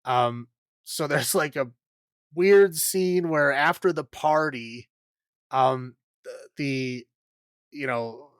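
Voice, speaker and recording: A man's voice: fairly high pitch, slow, long pauses, clear, resonant tone, no room sound, clean studio sound. A man hosting a podcast, recapping a film in a casual, rambling way full of fillers and frequent laughs. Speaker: podcast host.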